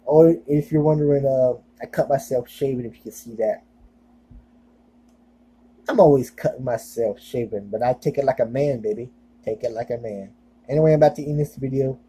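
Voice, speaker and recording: A young man talks to his channel in a loose, rambling way. He leans on fillers and self-deprecating asides. His voice is very dark and mellow, with a husky edge. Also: mid-range voice, brisk, poor audio. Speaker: vlogger. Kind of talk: casual rambling video monologue.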